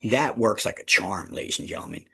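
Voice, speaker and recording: A man leading a real estate team meeting, emphatic and repetitive, often addressing the room as ladies and gentlemen. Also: fairly low pitch, lively intonation, brisk, creaky, husky. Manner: emphatic, repeats key phrases, addresses listeners as ladies and gentlemen. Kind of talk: motivational team meeting talk.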